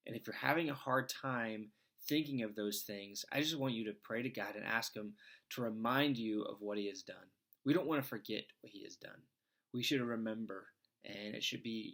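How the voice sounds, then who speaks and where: A man's voice: medium pitch, gravelly, a bit bright. A man reading scripture and then giving an earnest, conversational devotional talk, with frequent fillers. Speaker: devotional speaker.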